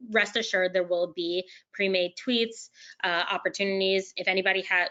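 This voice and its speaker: A woman's voice: on the low side, sharp tone. A woman directing a campaign's outreach who answers webinar questions in an upbeat, casual way. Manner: upbeat, casual, quick restarts. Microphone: video call. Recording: dull lo-fi call audio.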